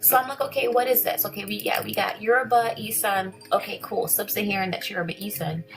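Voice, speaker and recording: A woman's voice: medium pitch, fast talker, faint music behind, low-quality recording. A woman chatting casually in a vlog, rambling and correcting herself as she reads through things. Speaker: vlogger.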